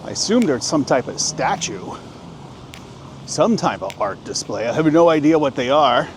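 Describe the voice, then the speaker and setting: A man's voice: medium pitch, big pitch swings, normal speed. A man in his thirties walking city streets and chatting casually to his camera as a travel vlogger, joking and thinking aloud. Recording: outdoor street noise. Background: street and traffic noise.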